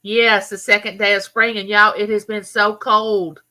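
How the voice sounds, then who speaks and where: A woman's voice: medium pitch, little pitch movement, normal speed, pushed and bright. A woman with a Southern US accent, from Mississippi, hosting a casual live chat and chattily greeting viewers by name. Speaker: livestream host.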